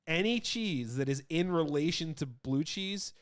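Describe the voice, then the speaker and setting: Co-host, male, somewhat high voice, blunt and emphatic in casual chat. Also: expressive, measured pace. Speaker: podcast co-host.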